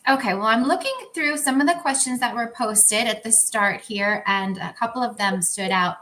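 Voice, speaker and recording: A woman co-hosting a spiritual Q&A, speaking in a measured, slightly hesitant way as she reads out viewers' questions. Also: a little high, bright, forceful tone, slight background noise, rough recording. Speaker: co-host. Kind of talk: casual talk, reading out questions.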